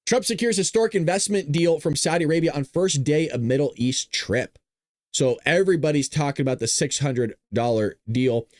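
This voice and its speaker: A man's voice: normal speed, no room sound. A man hosting a casual political commentary show, joking, laughing and breaking into silly voices. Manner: animated, jokey, often laughing, breaks into high silly voices.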